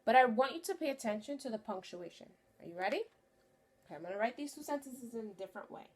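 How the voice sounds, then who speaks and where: A woman teaching a phonics lesson to young children, speaking clearly and encouragingly. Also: a little high, lively intonation, darkish tone. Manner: slow, clear and encouraging, stretches key words.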